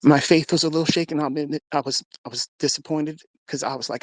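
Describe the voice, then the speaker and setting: A man's voice: a little high, fairly even intonation, quick pace, no echo. A man giving an emotional, earnest personal faith testimony in a live audio chat, acting out the dialogue as he tells it. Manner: earnest, emotional storyteller who acts out dialogue. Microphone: personal mic or phone in a live audio room.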